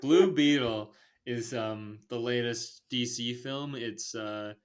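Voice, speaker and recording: A man's voice: mid-range voice, takes it slowly, smooth. A young man hosting a casual movie podcast, laid-back with lots of fillers and frequent laughter. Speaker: podcast host.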